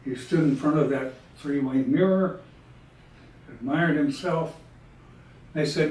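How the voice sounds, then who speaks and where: A man, telling folksy jokes in a relaxed, drawling way. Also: fairly high pitch, slow, pauses often, distant mic. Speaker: storyteller. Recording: echoey room, speaker away from mic.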